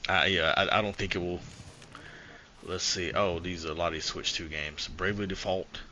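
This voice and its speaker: A man co-hosting a casual gaming podcast, animated and profane, often slipping into quoted character voices. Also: deep voice, moderate pace, a little hiss or hum. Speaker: podcast co-host.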